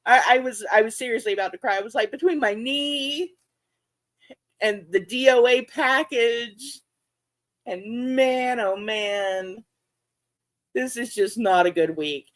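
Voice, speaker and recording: A woman, hosting her aquarium vlog and chatting casually, laughing often and jumping into high-pitched reenactments of her own reactions. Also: unhurried, long pauses. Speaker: aquarium channel host. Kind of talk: casual chat to livestream viewers.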